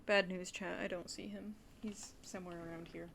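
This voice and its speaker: A young woman streaming a game, chatting and rambling to her viewers with excited gasps. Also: on the low side, moderate pace, gravelly, a little hiss or hum. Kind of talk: casual livestream commentary.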